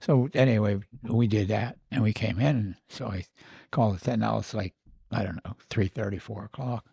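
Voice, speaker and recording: A man's voice: fairly low pitch, normal speed, vocal fry, dark tone, slightly rough, no echo, studio quality. An older man who is a podcast guest, telling long rambling anecdotes full of fillers. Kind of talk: casual storytelling.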